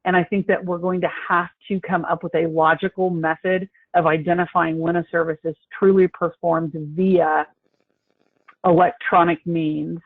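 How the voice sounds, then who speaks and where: A man consulting on healthcare coding in a webinar discussion, explaining in a measured, deliberate way. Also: on the high side, level tone, no echo. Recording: tinny phone-line audio.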